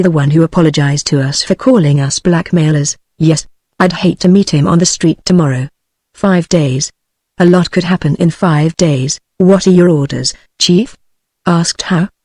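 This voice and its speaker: A text-to-speech voice of a woman with a British English accent, reading a novel aloud as an audiobook narrator in an even, steady delivery. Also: lowish voice, no echo, clean studio sound.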